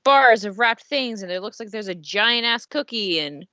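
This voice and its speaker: A woman's voice: medium pitch, animated, moderate pace, pushed and bright, no room sound, dull audio. A woman narrating a tabletop game as game master, describing the scene loosely with many fillers.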